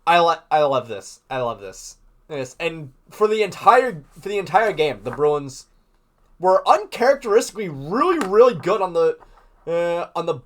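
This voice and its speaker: Rambling higher-voiced male podcast host. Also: sing-song, normal speed. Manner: rambling, filler-heavy, frequent restarts. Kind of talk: casual game recap.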